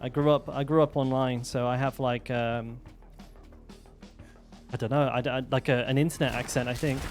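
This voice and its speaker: A man from southwest England with a mild West Country accent, chatting casually while live-streaming a game, relaxed and sweary, often trailing off mid-sentence. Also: mid-range voice, moderate pace, faint music behind. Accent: mild West Country English.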